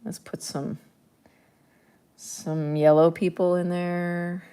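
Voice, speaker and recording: Woman artist, low voice, unhurried, chatty running commentary while painting. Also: flat delivery, mellow, clean tone. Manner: chatty, thinking aloud, playful. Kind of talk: casual narration while painting.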